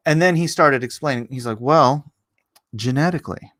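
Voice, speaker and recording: A man's voice: normal speed, fairly bright tone, dry recording. Sarcastic rambling middle-aged man, dry sound. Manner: rambling and sarcastic, with indignant jumps up in pitch. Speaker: livestream host. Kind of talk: casual opinion monologue.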